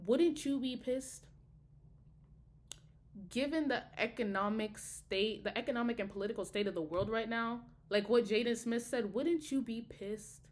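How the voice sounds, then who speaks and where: A woman's voice: fairly high pitch, measured pace. A young woman, a college student, talking heatedly and profanely in a casual video diary. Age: young adult. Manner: heated, profane, emphatic ranting.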